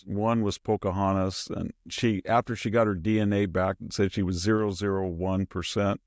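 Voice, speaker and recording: A man hosting a podcast, giving casual political commentary as an animated storyteller who slips into mimicking the people he quotes and chuckles mid-sentence. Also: deep voice, normal speed, few pauses, no room sound, studio quality. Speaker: podcast host.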